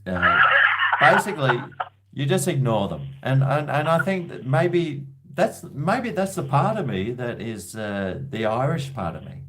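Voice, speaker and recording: Australian host, rambling, hesitant, sweary, animated pitch. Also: male voice, unhurried. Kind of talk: casual live-stream chat.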